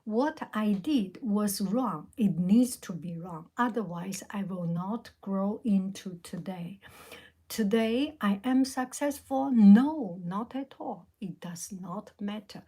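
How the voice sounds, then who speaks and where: Softly whispering Chinese-accented woman, slow. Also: medium pitch, husky. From China. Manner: soft, slow, reflective, answers viewer questions. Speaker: livestream host answering chat. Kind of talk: whispered live chat. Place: outdoors in a park.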